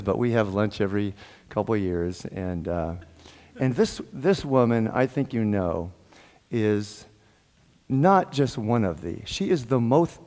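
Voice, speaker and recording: A man giving a sermon as a guest minister, telling jokes and stories, laughing often and acting out the dialogue in his stories. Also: lowish voice. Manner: animated, laughs often, acts out quoted dialogue. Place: church sanctuary. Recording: long hall reverb.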